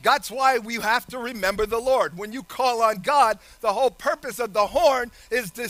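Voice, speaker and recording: High bright-voiced man preaching a sermon. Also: moderate pace, few pauses, no room sound. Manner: animated preaching, laughing often, shouting some phrases.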